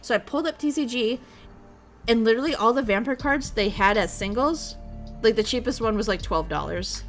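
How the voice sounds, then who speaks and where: A woman's voice: a little high, fairly quick, faint music behind. A young woman streamer chatting casually, rambling along and swearing freely. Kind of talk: casual chat.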